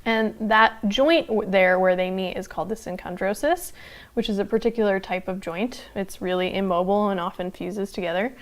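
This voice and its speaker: Casual female instructor, live online class, relaxed chatty delivery with lots of "um"s and laughs. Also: medium pitch, moderate pace. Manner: chatty, loose, with frequent fillers and laughs. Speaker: anthropology instructor.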